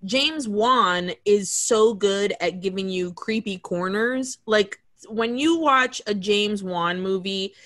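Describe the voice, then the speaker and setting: Woman, podcast co-host, casual film chat, animated, bright tone. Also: medium pitch, slow, few pauses. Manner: animated, laughs often, acts out characters' lines.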